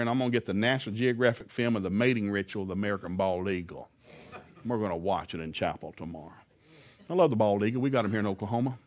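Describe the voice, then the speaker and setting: A man who preaches by telling stories and acting out the quoted lines loudly. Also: mid-range voice. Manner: animated, acts out quotes loudly. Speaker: preacher and former school teacher. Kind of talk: storytelling sermon.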